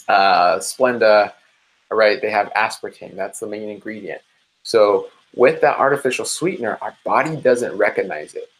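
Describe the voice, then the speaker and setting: Upbeat dietitian man, chatty and animated. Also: mid-range voice, low-quality recording. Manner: energetic, chatty, addresses viewers as "guys"; mimics listeners in animated quoted asides. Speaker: dietitian hosting a live support session. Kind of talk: casual live-stream advice talk.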